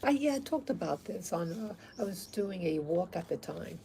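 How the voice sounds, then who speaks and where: A woman's voice: lowish voice, lively intonation, normal speed, dark tone, slight background noise, poor audio. A woman talking casually to her viewers, rambling and hesitant with many fillers. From abroad, not from Africa. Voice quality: gravelly. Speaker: vlogger. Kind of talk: casual talk to camera.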